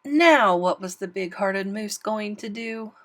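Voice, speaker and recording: Slow, expressive woman reading aloud. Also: mid-range voice. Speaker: storybook reader. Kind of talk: reading a rhyming picture book aloud.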